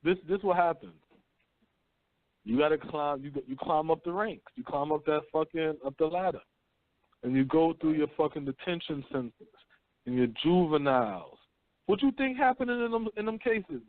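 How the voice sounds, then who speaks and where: A man hosting a talk radio show, telling stories in rough, profane street slang. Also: fairly high pitch, lively intonation, normal speed, no room sound. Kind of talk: casual talk radio chat. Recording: dry phone-line call-in audio.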